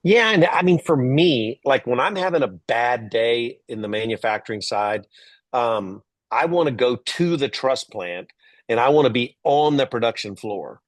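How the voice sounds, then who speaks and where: A middle-aged man from Texas telling stories as a guest in an interview, lively, acting out the voices of people he quotes. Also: medium pitch, moderate pace, no room sound. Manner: animated storyteller, acts out quoted voices. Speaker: guest, entrepreneur and author. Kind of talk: storytelling interview.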